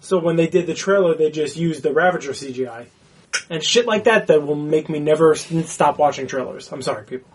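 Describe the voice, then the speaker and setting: A man's voice: a little high, fairly quick. A man co-hosting a casual movie discussion, blunt and swearing freely. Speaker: podcast co-host.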